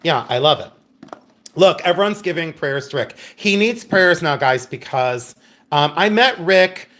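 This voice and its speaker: This man's voice is on the high side, expressive and fairly bright, moving a little slowly. Hosting a live-stream jewelry sale in a casual, chatty manner, he tells bawdy stories, laughs often and addresses chat viewers by name.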